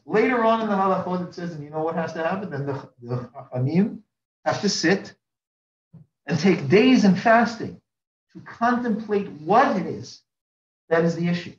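A man's voice: high-pitched, lively intonation, normal speed. A man, a rabbi, teaching a religious class in a rhetorical way, stacking repeated phrases and rising sharply for emphasis. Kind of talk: religious lecture. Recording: roomy, distant mic, dull sound.

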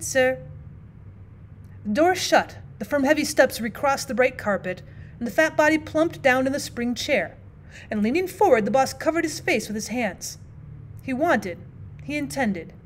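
A woman teacher reading a classic short story aloud as audiobook narration, measured and expressive. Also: high-pitched, slight background noise.

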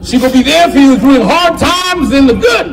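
High-voiced stand-up host man. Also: lively intonation, fairly quick, gravelly, a loud crowd, low-quality recording. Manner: loud, playful, laughs through lines. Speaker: comedy show host. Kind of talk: stand-up comedy. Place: live comedy show. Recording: live show with audible audience.

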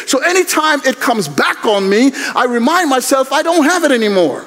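An older male preacher delivers an animated, conversational sermon. His voice is very high and swings widely in pitch. It echoes with a long reverb through a large chapel. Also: normal speed. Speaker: guest preacher.

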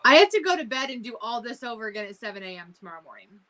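A woman's voice: a little high, big pitch swings, rapid-fire, a crowd in the background. A woman hosting a casual show, reading viewer comments aloud with amusement. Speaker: host. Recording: loud noisy background.

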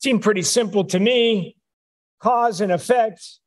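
High-voiced rabbi giving a wry sermon. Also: male voice, unhurried. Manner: conversational, wry storytelling. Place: synagogue sanctuary.

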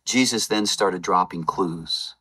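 A man preaching a Palm Sunday sermon, retelling scripture as a lively story with playful game-show asides. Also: low-pitched, slow, slightly rough. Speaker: lay preacher.

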